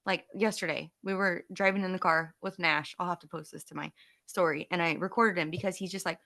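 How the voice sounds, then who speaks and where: A woman in her thirties, co-hosting a podcast in a casual chat, telling lively stories. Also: on the low side, a little fast, creaky. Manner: animated, laughing storyteller. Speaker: podcast co-host.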